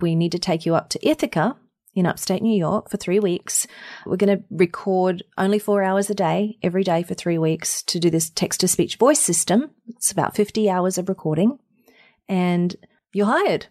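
A woman with an Australian accent, a voiceover artist and singer, telling a story as a guest in an interview, animated and laughing as she acts out quotes. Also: on the low side, normal speed. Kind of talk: conversational storytelling.

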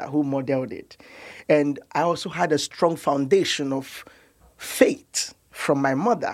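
A man's voice: fairly high pitch, a little mellow. Earnest Nigerian doctor telling his story. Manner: earnest, emotional, repeats words as he searches. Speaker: guest doctor. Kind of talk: personal storytelling in an interview.

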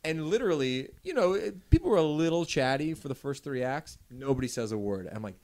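A man's voice: fairly high pitch, very animated, brisk, darkish tone. A man co-hosting a podcast, telling an anecdote in an enthusiastic, loose, casual way. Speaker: podcast co-host. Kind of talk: casual storytelling chat.

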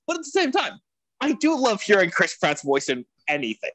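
A man's voice: high-pitched, wildly swooping pitch, a little fast, a bit bright. A man co-hosting a casual podcast, enthusiastic and laughing often. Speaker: podcast co-host.

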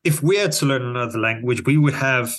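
A man's voice: medium pitch, a little fast, fairly bright tone. A man with a South African accent, co-hosting a casual podcast chat, musing aloud and often restarting his sentences. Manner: thoughtful, restarts and trails off. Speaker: podcast co-host.

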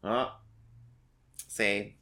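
A man's voice: on the low side, level tone, extremely slow, creaky, sharp tone. A man co-hosting a podcast, asking questions playfully and laughing a lot. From Australia. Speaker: podcast co-host. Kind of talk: casual podcast interview.

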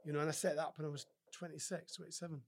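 A man's voice: fairly high pitch, little pitch movement, rapid-fire. A man from Scotland, a former rugby player and podcast guest, chatting casually and telling stories. He acts out other people's lines and often restarts his sentences. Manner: frequent restarts and filler words. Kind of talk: casual interview storytelling.

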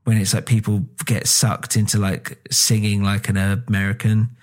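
British dude rambling on a podcast, lowish voice, lots of ums and swearing. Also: male voice, level tone, normal speed. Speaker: podcast co-host. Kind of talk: casual chat.

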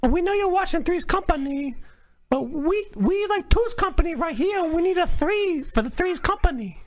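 Guy doing a squeaky flirty lady voice, broken english, pushy, dry close sound. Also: expressive, normal speed, dry recording. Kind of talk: prank call.

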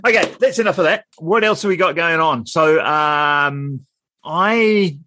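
A man's voice: a little high, measured pace, bright, forceful tone, dry recording. A New man co-hosting a casual podcast, rambling and restarting his sentences, laughing as he goes. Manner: rambling, self-interrupting, laughs often. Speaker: podcast co-host. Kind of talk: casual chat.

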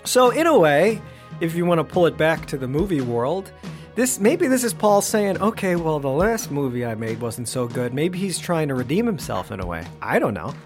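A man's voice: fairly high pitch, big pitch swings, normal speed. A man co-hosting a podcast, chatting casually about music and production. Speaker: podcast co-host.

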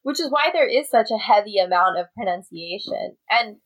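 A woman's voice: medium pitch, lively intonation, normal speed, a bit bright, rough recording. Chatty woman discussing a book. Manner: chatty, laughs often, reads passages aloud. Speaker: podcast co-host.

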